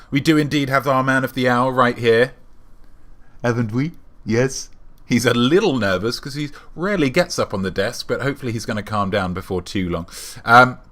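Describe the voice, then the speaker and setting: Deadpan, mock-grand male streamer. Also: mid-range voice. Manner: reads out viewer names in a running patter. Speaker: livestream host. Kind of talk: playful live-stream chat.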